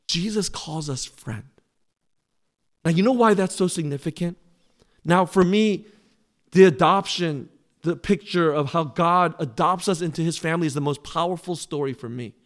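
A middle-aged man, a pastor, preaching a sermon in an earnest, pleading way that swells louder on key phrases. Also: moderate pace. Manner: drops to a soft, low close in prayer.

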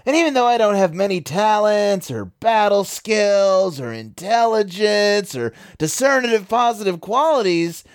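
A shy alien troll boy, read aloud by a performer, stumbles through earnest, awkwardly phrased thoughts. He speaks slowly, with a pitch that rises and falls a lot. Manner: halting, rambling, awkward phrasing. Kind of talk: reading a webcomic aloud.

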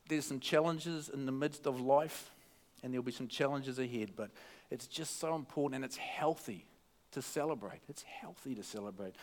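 A man preaching a casual sermon at a church service into a microphone, chatty and joking, often restarting his sentences. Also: medium pitch. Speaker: pastor.

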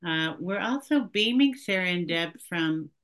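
Chatty woman in her fifties, lower-pitched but bright and forceful, co-hosting with playful laughs. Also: lively intonation, measured pace, clean tone. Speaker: podcast co-host. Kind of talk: casual podcast chat.

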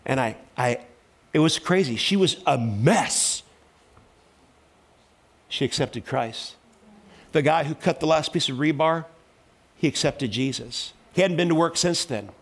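A middle-aged man preaching a sermon in a church, telling stories and building up to loud, fervent exhortation. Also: on the high side, expressive, unhurried, pauses often. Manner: storytelling, voice rising to loud preaching. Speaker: pastor.

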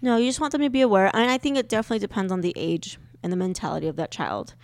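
A young woman co-hosting a podcast with her husband, chatty and quick to laugh, emotional as she talks about children. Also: mid-range voice, animated, darkish tone, no echo, studio quality. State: pregnant. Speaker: podcast co-host. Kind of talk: casual chat.

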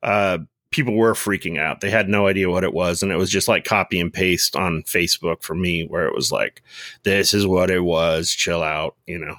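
A man's voice: sits low, fairly quick, hardly any pauses, sharp tone, dry recording, clean studio sound. A man co-hosting a casual podcast, telling rambling stories with lots of fillers and restarts. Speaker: podcast co-host.

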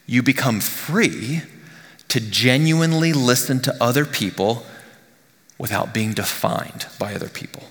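A male pastor giving a conversational sermon, often dropping to a hushed near-whisper on key lines. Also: mid-range voice, a little slow, big-room sound. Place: church sanctuary.

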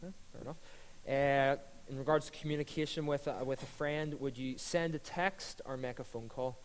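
A man's voice: medium pitch, steady tone, moderate pace, smooth. A man hosting a church panel, jokey and upbeat. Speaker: host. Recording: long reverb of a hall.

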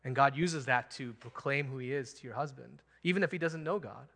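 Animated, bright-voiced male preacher. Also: medium pitch, fairly quick, vocal fry. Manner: animated, emphatic, chuckles often. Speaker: pastor. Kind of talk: sermon.

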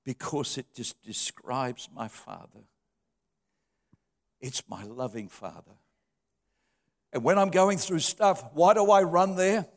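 A middle-aged pastor with a notably high voice gives a heartfelt sermon. He tells personal stories, sinking to soft tones and then lifting again. His words ring out with a long, echoing reverb in a church hall. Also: takes it slowly, pauses often. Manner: heartfelt storytelling, dropping soft then rising.

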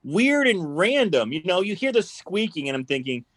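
A man's voice: high voice, very animated, normal speed, fairly bright tone, no room sound. Joking man, dry close sound. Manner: joking, laid-back, laughs easily. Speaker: podcast co-host. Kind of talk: casual movie chat.

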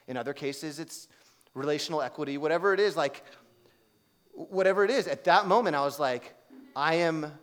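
Storytelling male preacher, rather high voice. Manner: conversational storytelling with lively quoted voices. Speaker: pastor. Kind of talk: sermon.

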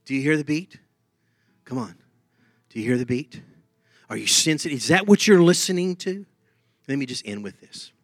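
A man preaching a lively sermon, humming tunes and laughing as he talks. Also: mid-range voice, normal speed, pauses often, no room sound, clean studio sound, soft background music.

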